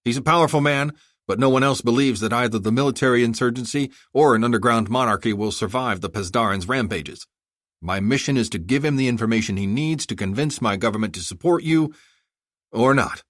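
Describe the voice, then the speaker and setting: A man voicing a blunt male special-forces master sergeant who speaks flatly and dutifully. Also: medium pitch, brisk, no room sound, clean studio sound, voice pushed up, close to an everyday voice. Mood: firm. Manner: flat and dutiful.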